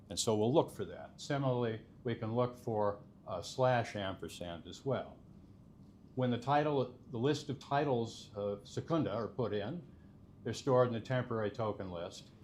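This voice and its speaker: Male conference speaker, lower register, explanatory, light background noise. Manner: explanatory, steady, frequent uh fillers. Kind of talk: technical conference talk.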